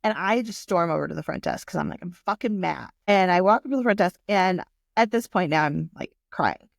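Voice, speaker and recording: A woman in her forties tells a personal story, candid and emotional, with plenty of swearing. Her voice has a gravelly fry at the ends of phrases. The sound is dry and close, with no room around it. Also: fairly low pitch, lively intonation, a little fast, no room sound. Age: 40s. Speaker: vlogger.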